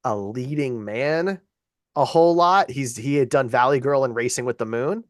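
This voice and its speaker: A man's voice: medium pitch, moderate pace, no room sound, studio quality. A man co-hosting a podcast in casual chat, agreeable and chatty, often adding film trivia. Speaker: podcast co-host.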